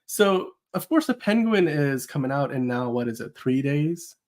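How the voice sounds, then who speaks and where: A man's voice: medium pitch, sing-song, moderate pace. Chatty man hosting a podcast. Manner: chatty, rambling. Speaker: host. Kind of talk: casual podcast chat.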